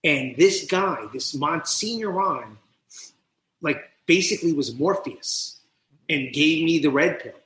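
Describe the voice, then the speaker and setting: Male podcast guest with a forceful, bright voice, swearing and acting out voices as he tells his story, in a roomy space. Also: a little high, slow pace. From New Jersey. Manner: animated, profane, acts out quoted voices. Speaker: podcast guest, recovery mentor. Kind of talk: personal storytelling in an interview. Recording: roomy echo.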